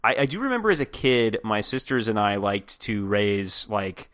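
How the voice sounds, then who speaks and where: Bright, animated co-host man. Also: fairly low pitch, normal speed, no echo, clean studio sound. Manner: animated, laughs often, hesitant fillers. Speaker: podcast co-host. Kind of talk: casual chat about a game.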